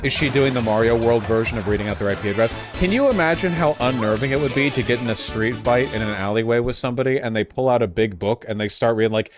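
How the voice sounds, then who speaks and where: A man's voice: mid-range voice, fast, few pauses. An American man chatting casually and joking as he streams a video game. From United States. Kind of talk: casual gameplay commentary. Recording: game music playing behind.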